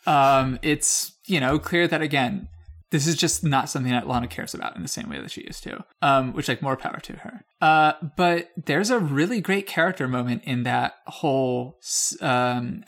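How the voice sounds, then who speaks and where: A man's voice: mid-range voice, fairly bright tone. A young man co-hosting a casual film discussion, rambling through many fillers, laughing as he talks and swearing casually. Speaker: podcast co-host.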